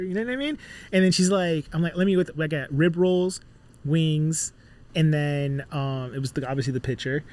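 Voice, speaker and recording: Animated man telling stories on a podcast. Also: fairly high pitch, moderate pace. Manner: animated storyteller, acts out dialogue, many fillers. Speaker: musician guest. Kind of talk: casual podcast chat.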